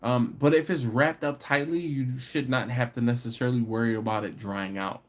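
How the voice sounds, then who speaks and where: Answering viewer comments on his barbecue channel's live stream, a man chats casually at a moderate pace in a mid-range voice. He's animated and laughing, sometimes building into frustrated rants.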